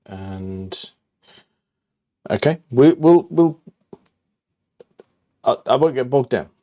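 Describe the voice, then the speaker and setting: Guy musing slowly, lots of ums, dark-ish tone, kinda muffled lo-fi sound. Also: mid-range voice, expressive. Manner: slow, musing, thinks aloud with many ums. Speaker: podcast co-host. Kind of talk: casual chat.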